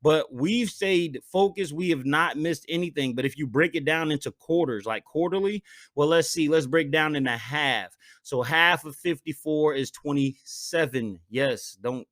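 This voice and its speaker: A man hosting a solo podcast, talking casually and getting animated, dropping "man" into almost every sentence. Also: medium pitch. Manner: animated, hypes himself up, says "man" a lot. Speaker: podcast host.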